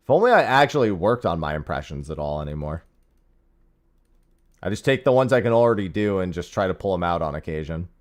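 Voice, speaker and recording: A man with a deep, expressive voice talks briskly while streaming an online game. He chats casually with viewers, sarcastic and swearing now and then.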